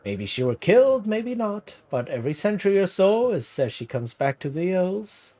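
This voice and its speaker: A man's voice: mid-range voice, moderate pace, a little mellow, lightly acted. A man voicing a boastful old male villager telling a witch tale, with theatrical, shifting put-on accents.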